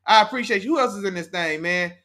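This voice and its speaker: A man hosting a casual live sports talk stream, reading out the chat with animated, slangy hype and lots of "man" and "big dog". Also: high voice, quick pace. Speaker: sports talk show host.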